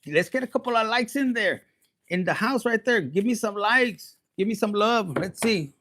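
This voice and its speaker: A man giving a casual livestream tarot reading, profane and animated, dropping into Spanish slang. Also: high-pitched, moderate pace. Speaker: tarot reader.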